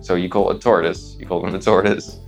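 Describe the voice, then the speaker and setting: Deep-voiced amused man, music under. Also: fairly even intonation, fairly quick, vocal fry. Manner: amused, laughs between words. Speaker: guest. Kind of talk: casual chat.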